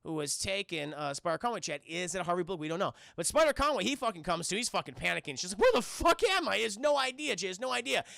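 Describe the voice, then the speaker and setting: A man's voice: high-pitched, very fast, gravelly, hardly any pauses, dry recording, studio quality. A young man who reviews cartoons, recapping an episode to a live chat in a loose, profane way and constantly calling out to the chat. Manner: animated, swears a lot, keeps addressing the chat.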